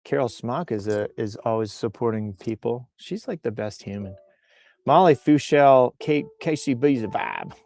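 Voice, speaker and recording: On a bluff outdoors, a livestream host chats casually, riffing and joking as he reads out posts and comments. He has a medium-pitched, slightly mellow voice with lively intonation and a moderate pace.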